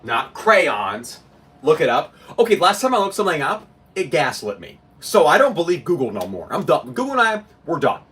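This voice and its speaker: A man's voice: fairly high pitch, big pitch swings, brisk, a bit bright, recorded from a distance, slight background noise. A young man streaming live, ranting to his chat in a casual, incredulous way and laughing as he goes.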